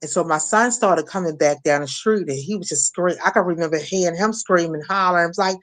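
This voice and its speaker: A middle-aged woman from Maryland speaking as an interview guest, telling a painful personal story with frequent restarts and fillers. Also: lowish voice. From Maryland, USA. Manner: halting, many restarts and fillers. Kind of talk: emotional personal testimony.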